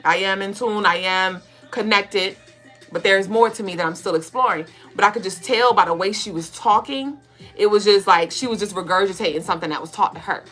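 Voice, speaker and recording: A woman co-hosting a podcast of casual spiritual talk. She speaks bluntly, swears freely and fires off rapid rhetorical questions. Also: mid-range voice, fairly bright tone, faint music behind. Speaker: podcast co-host.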